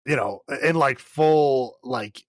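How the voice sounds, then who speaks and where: A podcast co-host casually recaps a film in a rambling way, full of filler words and laughter. His medium-pitched voice is slow, with no room sound.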